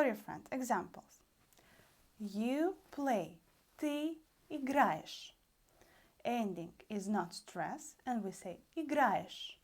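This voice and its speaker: A young woman with a Russian accent teaches an online lesson in a fairly high voice. She takes her time, slowing down to stretch out each example. She keeps the tone animated and keeps calling her listeners dear friends.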